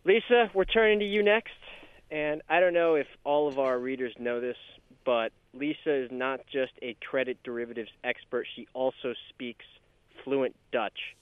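A man's voice: mid-range voice, moderate pace, smooth, no echo. Upbeat man host over a phone-like line. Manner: upbeat, jokey, introduces the next segment. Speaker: podcast host. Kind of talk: casual podcast chat. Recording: phone-like remote line, dry.

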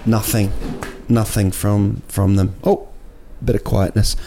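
Kiwi-male comic host, mellow gravelly voice, loose rambling delivery full of restarts. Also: fairly low pitch, little pitch movement, measured pace, a little hiss or hum. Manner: rambling and jokey, with many restarts and fillers. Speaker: podcast host and comedian. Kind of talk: casual comic monologue. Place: indoors at night in a city.

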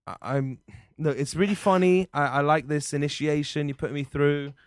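A man's voice: a little high, fairly even intonation, moderate pace, no room sound, studio quality. A man co-hosting a comedy podcast, playing flustered characters in improvised scenes and then introducing the next game. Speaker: podcast co-host.

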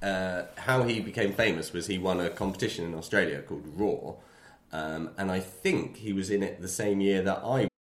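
A man's voice: sits low, moderate pace, few pauses, echoey room. An English man co-hosting a podcast, chatting casually and telling comic anecdotes with frequent laughs. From England. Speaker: podcast co-host, comedian. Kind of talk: casual chat.

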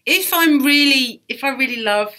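A woman comedian talking as a podcast guest, animated, swearing freely and often laughing. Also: high voice, normal speed. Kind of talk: casual podcast interview.

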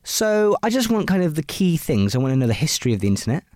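Playful, lively woman podcast co-host. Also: sits low, quick pace, dry recording, clean studio sound. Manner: playful and teasing, sing-song greetings. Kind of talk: casual chat.

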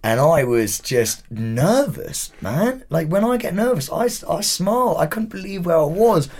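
A man in his thirties with an English accent, a podcast guest telling animated stories in casual chat and swearing freely. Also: high-pitched, measured pace.

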